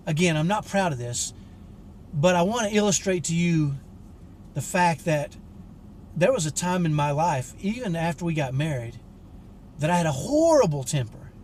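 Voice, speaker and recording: A man's voice: fairly high pitch, a little mellow, a little hiss or hum. A man in his fifties, a coach for fathers, telling a personal story to camera in an earnest, direct way. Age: 50s. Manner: earnest and direct, frank about his temper.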